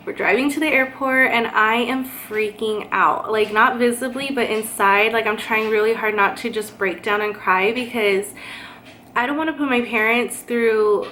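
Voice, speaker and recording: A woman's voice: fairly high pitch, fairly bright tone, slight background noise. A young woman from California telling a personal story in a chatty vlog style, with lots of fillers. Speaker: vlogger. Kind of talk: casual storytime.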